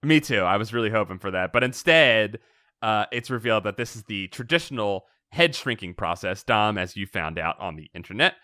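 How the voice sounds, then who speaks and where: A man co-hosting a podcast, recapping a story in casual chat, animated and laughing often. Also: on the low side, brisk, no room sound, studio quality. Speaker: podcast co-host.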